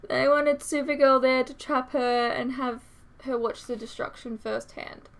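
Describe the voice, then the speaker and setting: A woman's voice: on the high side, fairly even intonation, a little slow, fairly bright tone. A young woman hosting a reaction channel, chatting casually with many fillers and reading out viewer comments.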